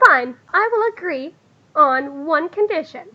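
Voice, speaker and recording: A woman's voice: high voice, lively intonation, unhurried. A woman voicing a playful, flirtatious noble lady who teases in a sing-song way. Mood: teasing. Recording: dull lo-fi sound.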